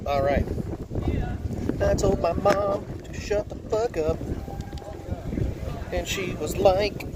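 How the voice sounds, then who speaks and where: A man's voice: high-pitched, slow, pauses often. Chatty, profane man in roaring wind. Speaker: livestreamer at a protest. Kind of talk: casual livestream chat. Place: outdoors at a protest, windy and cold. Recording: loud wind noise on phone mic.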